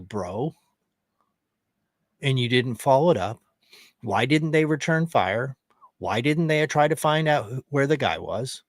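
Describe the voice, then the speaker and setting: A man's voice: fairly high pitch, dry recording, studio quality. Angry, swearing man ranting on stream. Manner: angry, profane, mocking. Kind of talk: ranting commentary.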